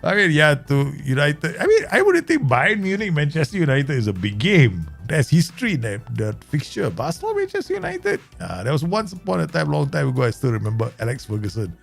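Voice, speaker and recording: A chatty man with a Southeast Asian English accent streams his management game, quick to laugh as he talks to his viewers. His voice is gravelly and swoops up and down as he talks. Faint game music plays under him. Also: a little high, huge pitch swings. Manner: chatty, laughs easily, talks to himself and chat. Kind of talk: live game commentary.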